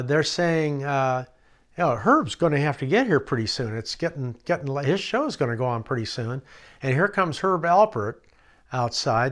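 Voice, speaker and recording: An older man telling rambling stories in a documentary interview, chuckling and acting out the voices of the people he quotes. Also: medium pitch. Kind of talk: storytelling anecdotes.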